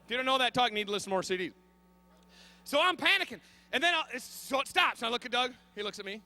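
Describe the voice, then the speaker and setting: A man in his thirties telling a comic story on stage, animated and frantic, bursting into shouts. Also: extremely high pitch, fast. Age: 30s. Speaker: comedian.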